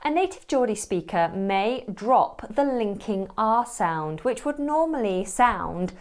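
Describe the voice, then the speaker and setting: Woman, tutorial narration, slow deliberate pace, explanatory. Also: mid-range voice, lively intonation. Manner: measured, explanatory. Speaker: accent tutorial teacher.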